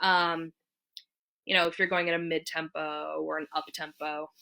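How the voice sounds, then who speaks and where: A woman giving a casual ukulele lesson, talking in a relaxed way with many fillers and counting beats aloud. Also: deep voice, moderate pace, vocal fry, clear, resonant tone, soft background music. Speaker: ukulele teacher. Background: ukulele strumming.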